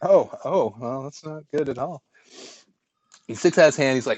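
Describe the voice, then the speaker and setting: This podcast co-host, a man of medium pitch speaking at normal speed, rambles through a long casual story with plenty of fillers, restarts, and animated retellings. The recording is dry.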